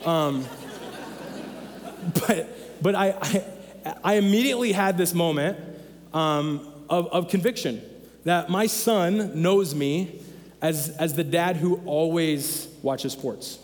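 A man's voice: on the high side, slow pace, big-room sound, a faint crowd. A man in his thirties preaching a sermon as pastor, conversational and emphatic, repeating his key phrases. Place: church sanctuary.

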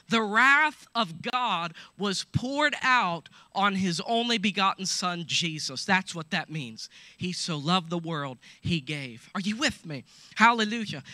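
A man preaching a sermon, animated and joking, laughing between points and calling out to his listeners. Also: high-pitched, no room sound. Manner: animated, laughing asides, call-and-response. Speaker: pastor.

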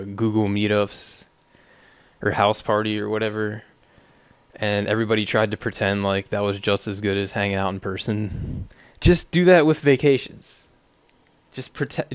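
A man's voice: on the low side, no echo. A young man hosting a podcast, talking in a rambling, profane, sardonic way. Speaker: podcast host. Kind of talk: casual solo podcast rant.

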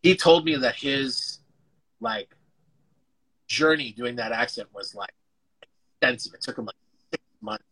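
A man's voice: medium pitch, a little slow, long pauses, sharp tone, slightly rough, low-quality recording. A man, an actor guest, chatting casually over a video call, rambling and restarting his sentences, with the odd casual swear. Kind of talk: casual interview chat.

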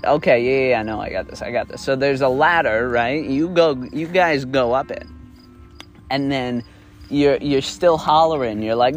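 A man's voice: mid-range voice, moderate pace, soft background music. A young man improvising a second-person story, rambling with restarts and the odd swear word.

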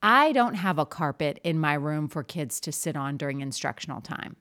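A woman who teaches art, hosting a casual podcast and talking in a chatty, animated way as she acts out her classroom routines. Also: lowish voice. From Southern US. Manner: chatty, animated, demonstrates classroom call-and-response.

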